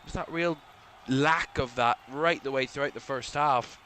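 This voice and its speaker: A man giving relaxed live play-by-play commentary on a football match for a watchalong stream, chatty and a little drowsy, yawning now and then and correcting himself as he goes. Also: medium pitch, unhurried, a little hiss or hum. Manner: relaxed, chatty, thinking aloud with small self-corrections.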